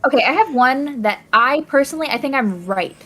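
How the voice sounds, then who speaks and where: A woman's voice: sits high, lively intonation, a little fast, fairly bright tone. Playfully indignant woman chatting. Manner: mock-indignant, playfully exaggerated. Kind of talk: casual chat.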